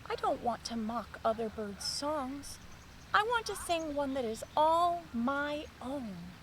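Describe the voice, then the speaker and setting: A woman voicing a shy, gentle young male mockingbird in a storybook reading, speaking softly. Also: high voice, big pitch swings, takes it slowly, slight background noise, full character voice, rough recording. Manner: soft, shy, sighing.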